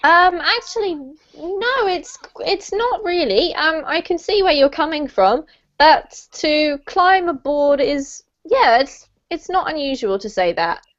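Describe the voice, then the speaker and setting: A fairly high-voiced woman teaching English over a video call. She encourages her students and laughs often. She says each word slowly for them to repeat, and the sound is a little muffled. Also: animated, a bit bright. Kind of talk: online English lesson.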